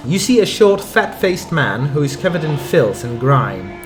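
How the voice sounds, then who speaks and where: Slow-talking male game streamer. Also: mid-range voice, big pitch swings. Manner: reads game text aloud, muttering asides. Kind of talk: casual let's-play commentary. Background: game music.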